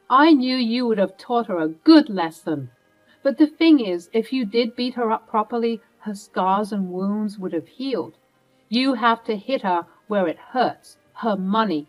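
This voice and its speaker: A warm-hearted grandmotherly woman, soothing yet firm, as a woman reads her in a storybook narration. The voice is a touch high, with soft music behind. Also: expressive, unhurried, rough recording. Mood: firm encouraging. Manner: soothing, motherly. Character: kind, protective older grandmotherly woman.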